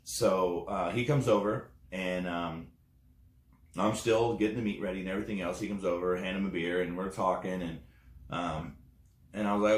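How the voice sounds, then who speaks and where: Man, very low voice, casual rambling testimonial, echoey room. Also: fairly even intonation, moderate pace. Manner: rambling, many fillers, acts out quoted dialogue. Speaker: network marketing distributor.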